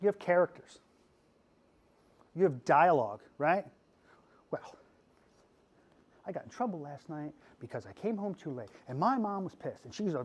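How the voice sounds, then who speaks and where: A middle-aged man from Pennsylvania gives a lively talk to a class of students. His voice sits a little high for a man, and he keeps it goofy and animated, checking in with "okay?" over and over. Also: normal speed, long pauses, slightly rough. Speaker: podcast host giving a class talk.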